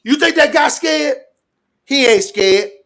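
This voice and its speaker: Loud, rambling man ranting in street slang. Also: very high voice, animated, slow pace, gravelly. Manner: loud, rambling, profane street talk with repeated catchphrases. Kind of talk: animated rant to an interviewer.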